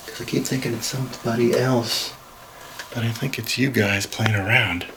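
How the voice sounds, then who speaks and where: A man filming alone inside a house for a paranormal video diary, nervously calling out to spirits and often dropping to a hushed whisper. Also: medium pitch, steady tone, normal speed, vocal fry, a little hiss or hum, low-quality recording. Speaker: paranormal vlogger. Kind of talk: solo ghost-hunting video diary.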